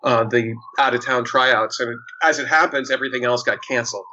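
A man's voice: mid-range voice, a little fast, pushed and bright, slight background noise. A man, an actor, telling a story in casual chat, with many fillers and restarts. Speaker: actor guest. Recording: dull lo-fi sound.

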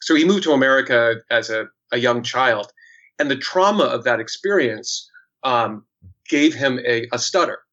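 A man's voice: mid-range voice, animated, normal speed, fairly bright tone. A man, an actor, telling a story in casual chat, with many fillers and restarts. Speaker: actor guest. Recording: dull lo-fi sound.

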